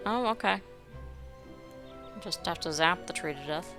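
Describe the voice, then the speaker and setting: A woman's voice: fairly low pitch, animated, unhurried, music in the background. A young woman giving wry, sarcastic commentary while playing a building game. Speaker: game streamer. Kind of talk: gameplay commentary.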